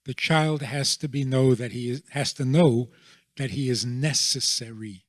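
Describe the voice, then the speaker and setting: A man being interviewed as a rabbi, explaining his views in a deliberate way and often checking in with a rhetorical question. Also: mid-range voice, no echo, clean studio sound.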